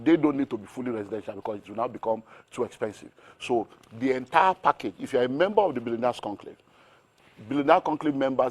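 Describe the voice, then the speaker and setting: Middle-aged Nigerian man, business-mentor guest; rapid and energetic, keeps asking "how do you" questions. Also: medium pitch. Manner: energetic, piles up rhetorical questions. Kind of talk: animated interview talk.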